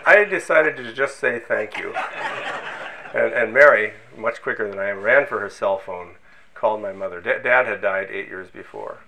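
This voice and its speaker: A man's voice: lowish voice, vocal fry, bright, forceful tone, rough recording. An older man from Minnesota recounting his scientific career in a storytelling way, with self-deprecating humor and frequent false starts. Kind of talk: oral history storytelling.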